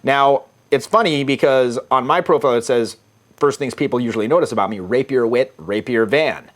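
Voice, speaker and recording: Here a middle-aged American dating coach speaks at medium pitch and a brisk pace. He goes through his dating-app chats out loud, talking loosely and profanely and laughing at his own jokes a lot.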